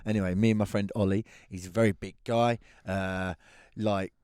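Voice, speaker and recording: An English man co-hosting a podcast, telling a long anecdote in a lively, laughing way. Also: lowish voice, normal speed, smooth, dry recording, studio quality. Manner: animated storyteller, laughs through his tale. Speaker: podcast co-host. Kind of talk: casual chat, anecdote telling.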